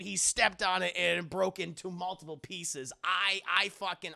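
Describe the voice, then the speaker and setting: A man casually reviewing a film on a live stream, excitable and profane, laughing often and talking to his chat. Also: high voice, a little slow, creaky.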